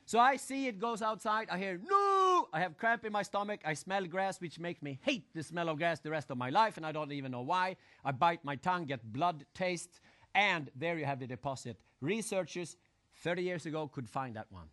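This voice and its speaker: A man giving a live motivational seminar talk, animated, acting out crowd shouts and putting questions to his audience. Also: a little high, moderate pace. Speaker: motivational speaker.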